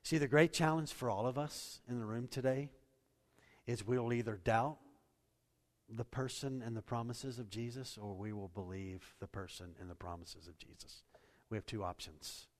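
A male pastor delivers a dynamic sermon, dropping to quiet, low stretches and then climbing to loud, raised ones. His voice sits at a middle pitch for a man. A long reverb trails each phrase in the large hall. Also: steady tone, normal speed.

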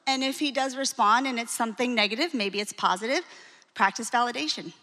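A woman in her forties, a marriage coach, giving a lively, frank and encouraging talk to a live audience. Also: a little high, fairly quick. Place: hall with an audience. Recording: long reverb of a large hall.

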